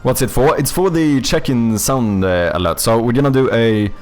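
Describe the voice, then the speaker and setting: A man's voice: mid-range voice, moderate pace, soft background music. A young man, chatting casually with viewers while making a game on stream, rambling and joking with casual swearing.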